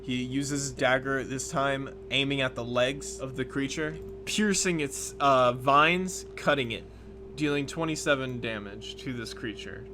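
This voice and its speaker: A man's voice: medium pitch, measured pace, noisy background. A man narrating a tabletop game as game master in a loose way with plenty of fillers.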